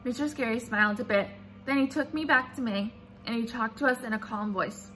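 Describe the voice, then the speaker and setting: A woman reading a children's chapter book aloud in an animated, expressive storytelling manner. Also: on the high side, brisk, faint music behind. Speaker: reader.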